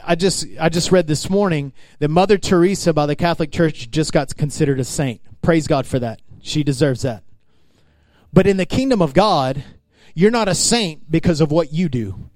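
A man's voice: fairly high pitch, normal speed, darkish tone, no room sound. A male pastor preaching a sermon in an emphatic, conversational way, speaking straight to his congregation.

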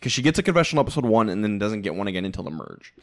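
A man talking through a reality-show recap on a podcast, his pitch bouncing around a lot as he goes. He is blunt and opinionated, with a casual, conversational delivery. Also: big pitch swings, very fast. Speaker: podcast co-host.

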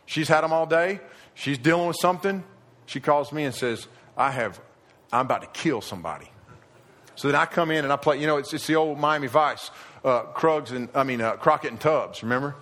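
A middle-aged man preaching a sermon to a live audience, animated and acting out quoted voices, growing emphatic. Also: on the high side, fairly quick. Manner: animated, rising to emphatic near shouting at the end. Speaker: pastor. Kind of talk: sermon on parenting.

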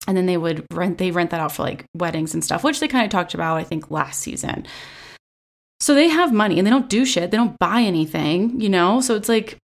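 A woman's voice: fairly low pitch, expressive, a little fast, gravelly. A young woman giving a casual, profane recap of a reality show, chatty and sarcastic with lots of filler words, recorded on a phone. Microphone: phone selfie camera.

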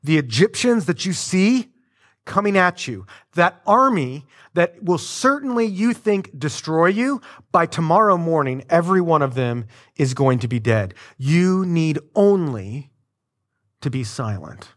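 A man's voice: a little high, very animated, unhurried, a bit bright. A man doing a firm, direct leader. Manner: direct, commanding. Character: calm firm male leader giving orders.

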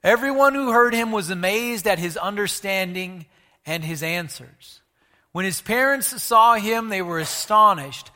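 A man preaching a sermon, animated, asking the congregation questions and moving between loud and hushed delivery. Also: high-pitched, measured pace, long reverb tail. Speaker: pastor.

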